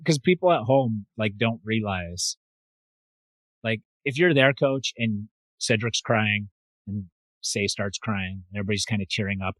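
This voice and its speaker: A middle-aged man co-hosting a podcast, talking in a quick, chatty way with lots of fillers. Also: medium pitch, a bit bright, no echo, poor audio. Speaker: podcast co-host. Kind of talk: casual chat.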